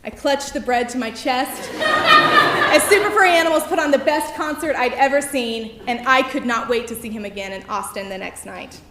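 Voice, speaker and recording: Woman, live stage storytelling, wry and self-mocking, high voice, roomy echo. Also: very animated, normal speed, over a noisy crowd. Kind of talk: live personal storytelling performance. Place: theater stage before an audience. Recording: roomy venue echo, faint noise.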